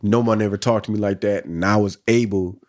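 A man with a slightly low voice in an easygoing podcast conversation. He talks in street slang, animated, often doubling his words as he makes a point. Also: fairly quick. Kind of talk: casual chat.

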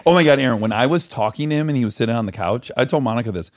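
Blunt, swearing podcast host, dry sound. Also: male voice, mid-range voice, rapid-fire, no echo. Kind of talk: casual chat.

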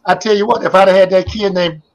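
A man's voice: sits high, steady tone, fast, vocal fry, dull audio. An older man, a former basketball player, reminiscing as a guest in a casual interview, telling his stories in a rambling, repetitive way.

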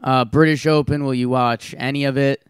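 A man's voice: mid-range voice, fairly even intonation, normal speed, smooth, no room sound, studio quality. A young man co-hosting a casual chat, teasing and laughing often as he rambles through tangents. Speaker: podcast co-host.

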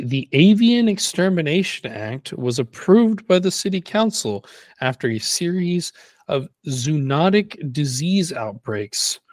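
A man co-hosting a casual podcast, reading lore notes in a steady, even way with brief banter. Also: medium pitch, no echo. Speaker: podcast co-host.

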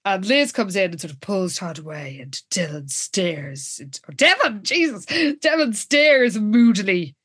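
A woman's voice: mid-range voice, sing-song, moderate pace, hardly any pauses, a bit bright, husky, dry recording. A woman co-hosting a podcast, casually recapping episode events with dry, wry asides. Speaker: podcast co-host.

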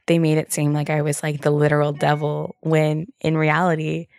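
A woman's voice: low-pitched, monotone, fairly quick, creaky, dry recording, studio quality. A young woman hosting a podcast alone, talking casually and candidly, full of "like" fillers and the odd swear word. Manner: loose, candid, filler-heavy talk with frequent "like" and swearing. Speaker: podcast host. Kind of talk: casual solo podcast chat.

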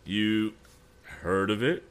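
A man voicing a proud, puzzled middle-aged banker who speaks formally and haltingly. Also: lowish voice, clean tone, pitched above the performer's own voice. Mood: stiff.

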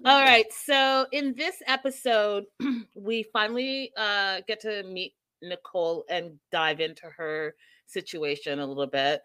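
A woman co-hosting a podcast, chatting casually and telling lively stories with asides to the live chat. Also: medium pitch, clean tone, no room sound. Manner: animated storytelling, quick asides to live chat. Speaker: podcast co-host.

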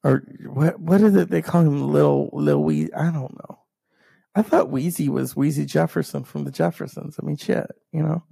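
A man's voice: fairly high pitch, moderate pace, creaky, breathy edge. A man telling heated personal stories in a profane rant, acting out other people's lines as a solo podcaster. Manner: animated storyteller who acts out others' lines. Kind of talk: ranting personal storytelling monologue.

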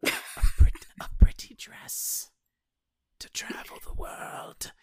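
A man's voice: slow pace, close to an everyday voice. A man whispering as a sinister devil goat. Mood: enticing. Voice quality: hushed breathy whisper.

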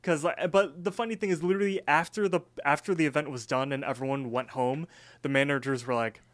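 A man co-hosting a podcast, telling stories in an animated way and swearing casually. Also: on the high side, fast talker. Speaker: podcast co-host. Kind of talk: casual chat.

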